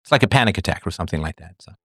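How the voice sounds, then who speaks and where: A man's voice: low-pitched, expressive, rapid-fire, fairly bright tone, breathy edge, no echo, studio quality. A man hosting a show, reading and answering viewer comments in a digressive, sardonic way and laughing often. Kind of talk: casual livestream monologue.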